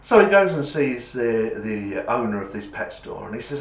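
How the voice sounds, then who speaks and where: Man, joke-telling host, animated, wide pitch swings, roomy echo. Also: normal speed, hardly any pauses, slight background noise. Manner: chatty, animated storyteller. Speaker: channel host.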